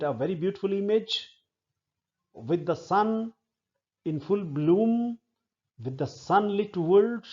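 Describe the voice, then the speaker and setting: A man lecturing on a poem, explaining it slowly and step by step and often repeating words. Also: sits high, warm tone, muffled recording. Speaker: literature lecturer.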